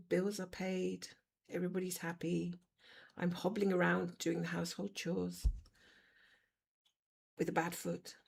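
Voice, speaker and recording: Low, gravelly woman chatting while stitching. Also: a little mellow. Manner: chatty, blunt, talks to her cat. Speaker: cross-stitch livestreamer. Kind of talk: casual chat while stitching. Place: home room.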